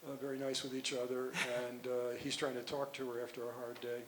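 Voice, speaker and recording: Older guy, doctor-author type, answering questions off the cuff, lots of um and restarts, middling pitch, faint hiss. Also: level tone, low-quality recording. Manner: rambling, halting, full of restarts and asides. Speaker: guest speaker, physician and author. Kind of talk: answering audience questions at a conference talk.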